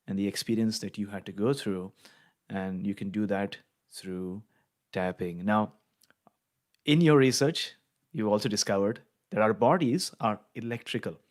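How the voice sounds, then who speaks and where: Low-voiced attentive podcast host. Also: male voice. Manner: attentive, frequent short affirmations. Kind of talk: podcast interview.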